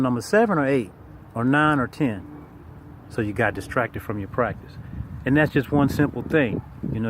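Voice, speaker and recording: Guy teaching breath counting, mid pitched, repeats himself to drive the point home, faint traffic behind. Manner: informal, repetitive, emphatic, talks straight to the listener. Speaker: tai chi and meditation teacher. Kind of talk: casual spoken lesson.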